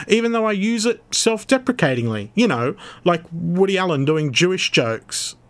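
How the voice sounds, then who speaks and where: A man presenting a comedy show in a clear, measured, informative way. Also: a little high, no room sound. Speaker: radio host. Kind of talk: scripted radio presenting.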